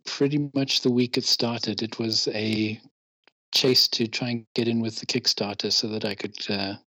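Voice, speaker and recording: Chatty man, husky and dry. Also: on the low side, steady tone, moderate pace, bright, forceful tone, no echo, poor audio. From England. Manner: chatty, self-deprecating, given to rants. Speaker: interview guest. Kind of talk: casual podcast interview.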